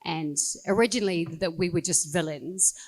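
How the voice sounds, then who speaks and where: A woman's voice: fairly low pitch, normal speed, a little mellow. A woman speaking as a guest actor on a panel, thoughtful and hedging in casual chat.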